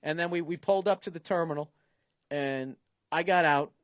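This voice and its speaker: A middle-aged man spins a comic story in loose, lively podcast talk, slipping into other people's voices as he goes. His voice sits a little higher than most men's. The sound is dry and close, with no room around it. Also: moderate pace, no room sound. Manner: animated, acts out other people's lines, laughs at his own story. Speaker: comedian telling a story.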